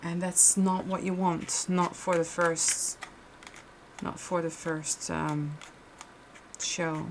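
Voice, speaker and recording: A woman with a slightly low voice talks casually while she crafts on a livestream. Her chat rambles, full of restarts and fillers, over a faint hum of background noise. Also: level tone, slow pace.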